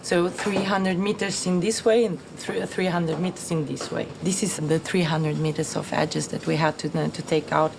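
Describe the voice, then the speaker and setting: Woman explaining film repair, gravelly lowish voice, lots of uh's, noisy room behind. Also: steady tone, moderate pace, few pauses. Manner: careful, with frequent fillers. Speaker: film restoration technician. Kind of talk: explaining to camera.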